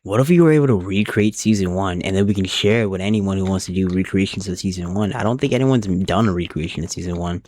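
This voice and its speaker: A man's voice: sits low, fast talker, hardly any pauses, a little mellow, dry recording. A young man chatting casually on a live stream while he plays a game, thinking aloud and rambling from one thought to the next.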